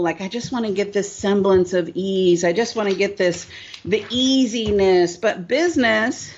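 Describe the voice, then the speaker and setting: A middle-aged woman speaks at a medium pitch, emphatic and repetitive as she tells her story in an interview. Her voice comes through slightly dull and lo-fi, like a remote video call. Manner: emphatic and repetitive, keeps asking "right?". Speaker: business coach.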